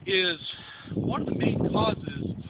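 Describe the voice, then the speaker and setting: Man, dog trainer, fairly high voice, plain explanatory delivery, dull lo-fi recording, loud noise behind. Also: slow pace. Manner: plain explanatory, talks while handling a dog. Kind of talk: instructional on-location demonstration.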